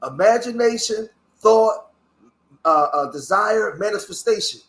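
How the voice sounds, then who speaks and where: A man's voice: high voice, lively intonation, a little slow. A man from Philadelphia giving a passionate, preachy reaction commentary, swearing as he talks. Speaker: online commentator.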